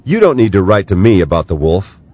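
A man reading aloud and voicing a kind grown man who speaks gently and slowly. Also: low voice, sing-song, voice pushed up. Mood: earnest. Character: kind, calm grown man talking to his dog.

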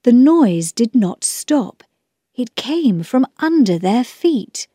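A woman reads a children's storybook aloud at an unhurried pace, clear and measured. Her pitch moves a lot, and the recording sounds dry and close. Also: sing-song, warm tone, no room sound. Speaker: narrator. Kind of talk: storybook reading.

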